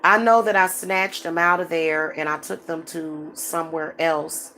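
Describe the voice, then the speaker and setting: Frank, chatty woman, low voice. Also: little pitch movement, measured pace, bright, forceful tone, faint music behind. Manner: frank, chatty, with many restarts and fillers. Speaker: spiritual advisor and channel host. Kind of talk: casual monologue to viewers.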